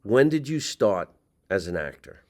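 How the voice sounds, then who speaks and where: A man's voice: fairly low pitch, sing-song, unhurried, a little mellow. A man hosting a casual live chat show, easygoing, asking his guest questions and laughing along. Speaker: host.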